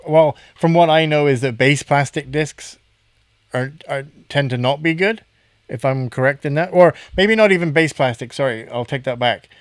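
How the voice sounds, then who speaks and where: A man's voice: on the high side, normal speed, dry recording, studio quality. A man hosting a podcast in a casual chat, rambling a little and correcting himself as he goes. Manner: chatty, self-correcting, rambling. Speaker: podcast host.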